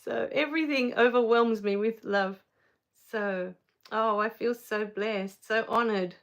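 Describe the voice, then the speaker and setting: A woman hosting a spiritual live Q&A, reading viewer comments, soft-spoken and tender, quick to laugh and tear up. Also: mid-range voice, fairly even intonation, clear, resonant tone. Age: adult with a child. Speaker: spiritual live-stream host.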